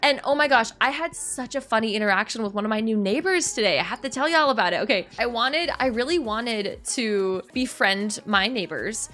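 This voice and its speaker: A woman's voice: a little high, animated, fairly quick, hardly any pauses, pushed and bright. A young adult woman streaming a cozy game, chatting casually and telling a story with giggles and self-mocking asides. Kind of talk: casual chat while gaming on stream.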